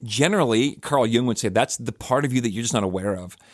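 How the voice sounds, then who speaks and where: Speaking quickly in a mid-range voice, a pastor hosting a church podcast spins stories casually and loosely, with frequent fillers, restarts and self-corrections. The studio-quality recording has no room sound at all.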